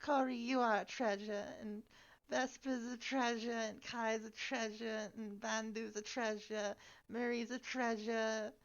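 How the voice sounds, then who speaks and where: A woman's voice: a little high, level tone, unhurried, muffled recording. Fussy, polite woman streamer. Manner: fussy, polite, given to "oh dear". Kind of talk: casual live-stream gaming commentary.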